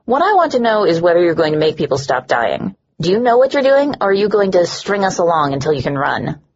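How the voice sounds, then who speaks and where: A woman narrator voicing a bitter, sharp-tongued young woman who sneers at everyone. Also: on the low side, big pitch swings, fairly quick, dull audio, slight background noise. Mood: scornful. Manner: sneering, scornful.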